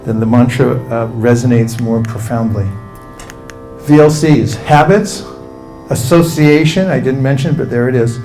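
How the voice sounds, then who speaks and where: Male meditation teacher, calm and instructive, warm dark tone, faint guitar underneath. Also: mid-range voice, a little slow. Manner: calm, instructive, leads the audience through chanting. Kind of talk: spiritual talk with guided mantra chanting.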